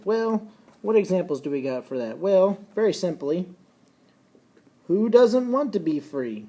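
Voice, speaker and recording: A man teaching a recorded lesson, folksy and casual, slowing down and repeating key points so students can take notes. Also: sits high, big pitch swings, warm tone. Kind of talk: recorded classroom lecture.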